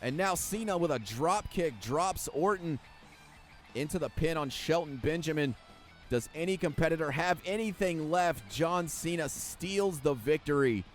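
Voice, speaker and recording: A man's voice: a little high, animated, measured pace, faint music behind. A man giving play-by-play wrestling commentary over a video game, sarcastic and jokey and swearing freely. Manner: jokey, laughs at what he describes.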